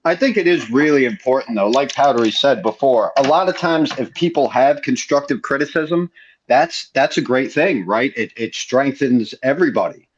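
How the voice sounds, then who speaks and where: Earnest man on a voice call, muffled lo-fi sound, measured delivery. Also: medium pitch, lively intonation. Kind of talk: casual voice chat. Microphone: online voice call.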